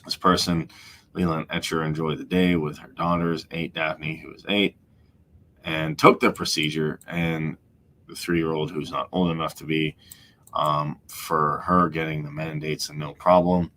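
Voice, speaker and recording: Deep-voiced man ranting on a podcast. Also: measured pace, pushed and bright, slight background noise. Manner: emphatic, repeats points, mocking asides. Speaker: podcast host. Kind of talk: opinionated podcast commentary.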